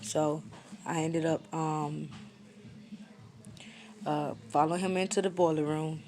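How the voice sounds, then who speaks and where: Young woman in her twenties, low voice, flat matter-of-fact story time delivery. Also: slow pace. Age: 20s. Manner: blunt, slangy and matter-of-fact, little emotion shown. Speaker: storyteller vlogger. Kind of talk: casual story time monologue.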